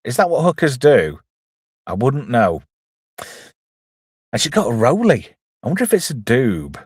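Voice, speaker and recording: A man's voice: mid-range voice, huge pitch swings, measured pace, a little mellow, breathy edge, dry recording, studio quality. A man chattily retelling a comedy film scene by scene, with self-deprecating asides. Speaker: film reviewer, channel host. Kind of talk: casual film recap.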